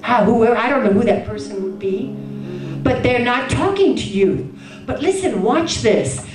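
Woman preacher, fervent sermon, sing-song rises, roomy echo with soft music under it. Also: a little high, big pitch swings, moderate pace. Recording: echoey room, voice from a distance.

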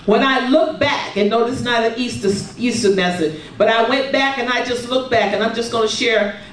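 A woman preaching a sermon, calling for responses and filling her pauses with hallelujahs and amens. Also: on the high side, slight background noise. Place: church sanctuary. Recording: roomy, distant sound from across a sanctuary.

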